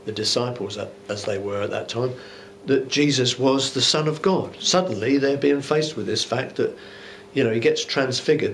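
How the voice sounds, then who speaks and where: A man's voice: medium pitch, normal speed, few pauses, a little hiss or hum. A man, a bishop, preaching an informal Bible teaching sermon in a church, musing aloud with conversational rhetorical asides.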